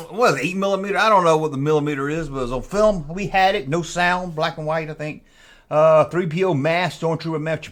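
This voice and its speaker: A middle-aged man rambling excitedly to himself while he flips through an old magazine and reads bits aloud. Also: on the high side. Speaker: collector flipping through a vintage magazine. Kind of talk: casual unscripted commentary.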